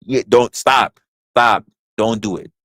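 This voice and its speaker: A man hosts a livestream of casual chat, rambling, crude, and joking, repeating phrases into a close mic. His voice is fairly low with a sharp tone, he speaks slowly, and the recording is dry.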